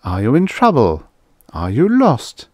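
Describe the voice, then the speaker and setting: A man's voice: medium pitch, huge pitch swings, measured pace, darkish tone, no echo, clean studio sound, pitched above the performer's own voice. A man voicing a cheerful male robot street vendor with chirpy, mechanically polite sales patter. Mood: chirpy salesman.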